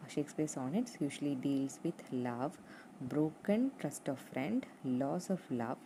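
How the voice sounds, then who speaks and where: A young woman teaching a literature lesson, going over points slowly and repeating them with fillers. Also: low voice, lively intonation, mellow, a little hiss or hum, poor audio. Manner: slow and repetitive, spelling out points with fillers.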